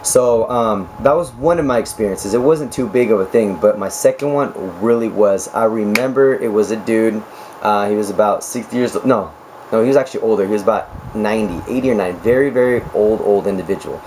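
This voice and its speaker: Hoarse, chatty young nurse vlogger man. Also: fairly low pitch, a little fast, darkish tone, a little hiss or hum, low-quality recording. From United States. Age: 20s. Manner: chatty, laughing, joking asides. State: raspy, hoarse voice. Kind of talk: casual chat to camera.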